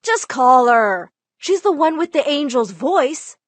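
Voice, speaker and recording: Eager, insistent family friend, woman voicing him, light and high. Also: sing-song, takes it slowly, dry recording, heavily acted. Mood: excited. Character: eager male family friend with industry connections.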